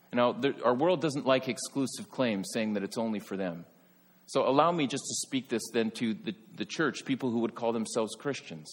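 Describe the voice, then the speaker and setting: A man delivers a sermon with a slightly husky, breathy tone. He swings from emphatic, forceful stretches to quiet, soft passages. His voice carries a long reverb, as if filling a church sanctuary. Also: mid-range voice, expressive, normal speed. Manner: earnest, rises to emphatic peaks then drops soft. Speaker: pastor.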